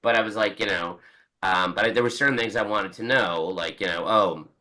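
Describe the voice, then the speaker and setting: A man's voice: fairly low pitch, fairly quick, pushed and bright, rough recording. A man in his forties, a book's author, chatting as a guest on a podcast in a rambling way with many restarts and quoted asides. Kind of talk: casual podcast interview.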